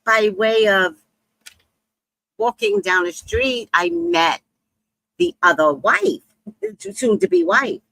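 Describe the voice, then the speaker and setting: A middle-aged woman casually telling a story about her shop, animated and swooping high when she acts out other people. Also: slow, vocal fry, pauses often, dry recording.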